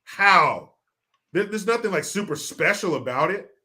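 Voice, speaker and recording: A man's voice: high-pitched, animated, measured pace, pushed and bright. A man hosting a casual political talk show, exasperated and mocking, swearing freely as he reacts. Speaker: show host. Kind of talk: profane casual political commentary.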